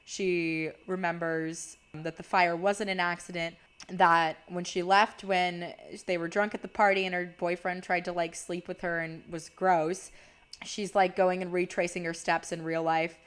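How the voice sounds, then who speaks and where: A woman's voice: on the low side, flat delivery, unhurried, clean tone. A young woman casually recapping a movie plot, chatty and peppered with "like", swearing freely.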